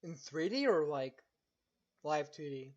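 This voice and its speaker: A man's voice: on the high side, lively intonation, a little slow, a little mellow, dull audio. A man co-hosting a casual streamed talk show, chatting loosely and often stammering and repeating words. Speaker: co-host.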